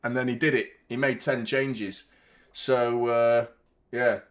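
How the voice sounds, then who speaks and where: A man's voice: mid-range voice, level tone, takes it slowly. A man hosting a football fan channel, chatting live during a watchalong in a rambling, exasperated way and swearing casually.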